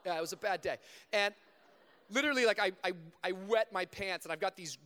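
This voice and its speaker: A young man preaching a sermon to a live congregation, slipping between fast casual storytelling and slow, emphatic preaching. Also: sits high, pushed and bright, smooth. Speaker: pastor. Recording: long reverb of a large hall.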